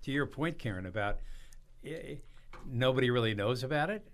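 A man's voice: medium pitch, animated, moderate pace. A man talking as a guest on a radio show, telling jokey stories and laughing often. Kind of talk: casual radio chat.

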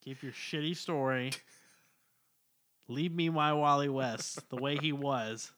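A man's voice: mid-range voice, fairly even intonation, slow, fairly bright tone. A man co-hosting a comic book podcast, giving blunt, laid-back opinions. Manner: blunt, laid-back, mostly short agreements. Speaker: podcast co-host. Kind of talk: casual comic book review chat.

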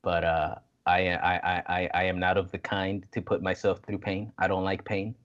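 Low-voiced man in profane casual chat. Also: moderate pace, muffled recording. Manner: profane, animated, acts out quotes in put-on voices. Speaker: podcast co-host.

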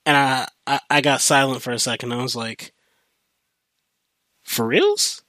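A young man hosting a podcast, telling a rambling, profane story in a casual, animated way with many restarts. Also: medium pitch, a little fast, no room sound. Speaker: podcast host.

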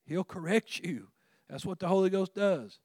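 A man preaching a sermon in a conversational, earnest way, with frequent restarts and sudden rises in pitch and volume. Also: animated, moderate pace, darkish tone, dry recording, studio quality. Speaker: pastor.

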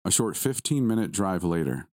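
A man narrating a first-person horror story in a measured, grave storytelling manner. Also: low voice, sing-song, dark tone, no room sound, studio quality.

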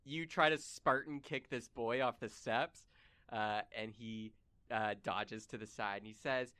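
A man's voice: mid-range voice, steady tone, measured pace, sharp tone, clean tone, no room sound. A man narrating as game master of a tabletop game, chatty and full of fillers.

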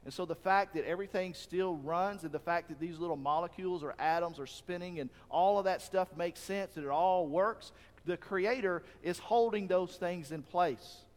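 A man's voice: sits high, moderate pace, in a large hall. A man preaching a sermon in an earnest, conversational way, often asking his listeners questions. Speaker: pastor.

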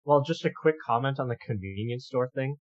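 A man's voice: medium pitch, a little fast, dry recording. A young man co-hosting a casual film discussion, making thoughtful points with many ums and restarts. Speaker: podcast co-host. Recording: dull, lo-fi dry sound.

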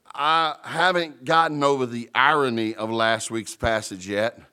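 A man's voice: medium pitch, measured pace, sharp tone, smooth. A male pastor preaching a sermon in a mid-range voice. He leans hard on key words and repeats them for emphasis. He moves easily between solemn prayer and casual asides to the congregation.

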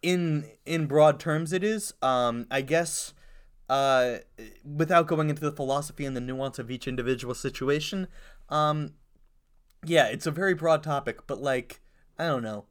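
Casting note: a man in his podcast co-host seat, talking in a fairly high register and reflecting aloud in casual conversation. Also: normal speed, clean tone. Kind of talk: casual chat.

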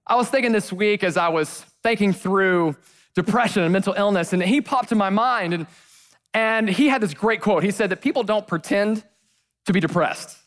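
A man preaching a sermon as a pastor before a congregation, swinging from loud to hushed. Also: sits high, moderate pace. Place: church stage before a congregation.

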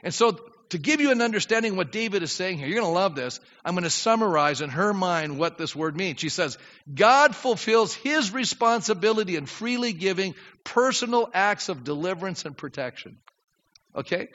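An older male pastor preaches with a high, bright, sharp voice that leaps all over its range. He acts out prayers, drops low, then builds to shouts. The recording is dull and carries the long reverb of a church hall. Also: animated, moderate pace. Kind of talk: sermon. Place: church sanctuary.

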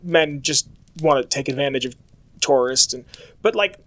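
A man's voice: mid-range voice, animated, normal speed, fairly bright tone. A young American man in casual, rambling monologue, talking chattily with lots of filler words. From United States.

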